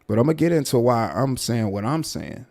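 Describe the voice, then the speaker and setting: A man hosting a casual livestream commentary, talking to his viewers in a drawn-out, repetitive, emphatic way. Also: mid-range voice, expressive, dark tone.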